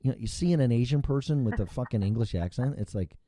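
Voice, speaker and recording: A man's voice: mid-range voice, animated, fast, dark tone. A man hosting a casual chat show, rambling and swearing freely, with frequent restarts. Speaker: show host.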